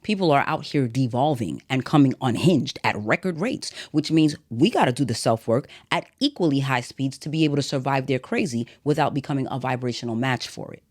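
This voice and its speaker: A man's voice: mid-range voice, lively intonation, fairly quick, hardly any pauses. A man hosting a solo podcast, talking bluntly and directly in a motivational, sermon-like way. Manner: blunt, direct, self-described as not a soft speaker. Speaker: podcast host.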